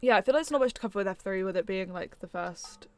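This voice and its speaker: A woman's voice: medium pitch, fast talker, darkish tone, no echo. Chatty woman podcast host, dry sound. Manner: chatty, stumbles over names and laughs at herself. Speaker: podcast co-host running the quiz. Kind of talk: casual chat.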